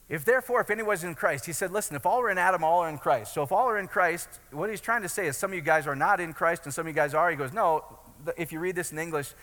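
A man preaching with a high, bright, sharp voice, chatty and joking, then building up to bold declarations. His words ring out through a big hall with a long reverb. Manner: conversational preaching with jokes and rising shouts. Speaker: pastor. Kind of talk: sermon.

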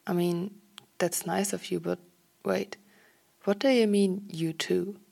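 Woman reading as a gentle young man roused from sleep, soft and a touch gravelly. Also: fairly low pitch, fairly even intonation, takes it slowly, full character voice.

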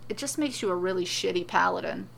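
A woman voicing a cold, menacing female villain leader who threatens in a calm, clipped way. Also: fairly low pitch, fast, vocal fry, a little hiss or hum, exaggerated voice, low-quality recording.

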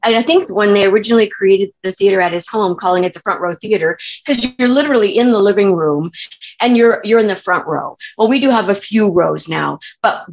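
A woman's voice: medium pitch, muffled recording. A woman from California, a theater director and actress, telling stories in a chatty way with many restarts and fillers. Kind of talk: interview storytelling.

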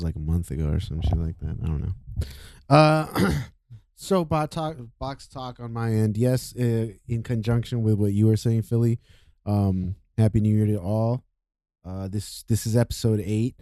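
A man hosting a podcast in a relaxed, halting way, filling his pauses with "um" and "uh." His voice is low and warm. The sound is dry, with the mic close. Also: no echo. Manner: laid-back, halting, thanking listeners. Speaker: podcast host. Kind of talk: casual podcast chat.

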